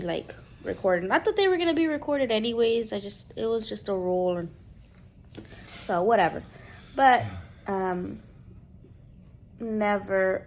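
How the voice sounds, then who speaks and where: A woman's voice: mid-range voice, a little hiss or hum. Chatty young woman telling a story. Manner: animated, quotes others in playful voices. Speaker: vlogger. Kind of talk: casual storytelling to camera.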